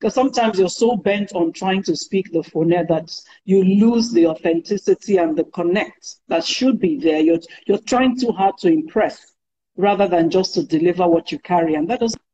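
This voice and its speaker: Middle-aged Nigerian woman, guest on a talk show; animated and emphatic, with a warm, husky tone. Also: fairly low pitch, moderate pace, muffled recording. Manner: animated, emphatic, laughs easily. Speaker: podcast guest. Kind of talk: casual conversation.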